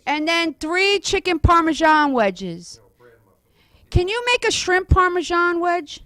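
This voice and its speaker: Woman host, high voice, bright tone, bossy, laughing, casual chat. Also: big pitch swings, slow.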